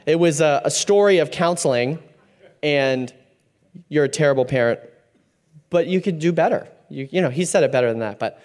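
A man in his thirties, a parent who regularly leads a small church group, gives a casual faith talk at a normal speed. His fairly high voice is a little mellow, and he speaks loosely, with many fillers and restarts.

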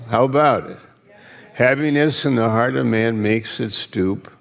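Slow-speaking pastor man in a hall. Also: medium pitch, gravelly. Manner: playful, teasing congregation. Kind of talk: sermon. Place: large church hall. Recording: long hall reverb.

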